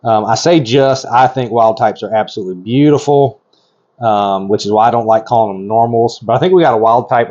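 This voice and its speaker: A man with a mid-pitched voice talks through his work in a loose, excitable way, full of ums and restarts. The sound is a little dull and lo-fi, picked up by a camera mic at working distance. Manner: excited, chatty, lots of fillers and restarts. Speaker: reptile breeder. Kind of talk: casual narration while working.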